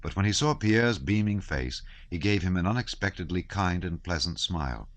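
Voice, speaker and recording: Deep-voiced man narrating a novel. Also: lively intonation, normal speed, few pauses, no echo. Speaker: audiobook narrator.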